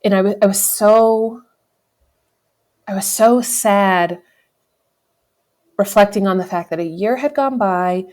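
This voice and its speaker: A woman's voice: medium pitch, slow, pauses often, darkish tone. A woman in her thirties from the United States, a podcast guest telling a personal story in a candid, reflective way, often correcting herself and laughing. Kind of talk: conversational storytelling.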